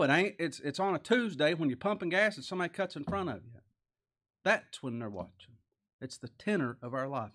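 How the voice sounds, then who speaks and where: A man's voice: on the high side, fairly bright tone. A man preaching a folksy, earnest sermon, reading scripture aloud. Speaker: pastor.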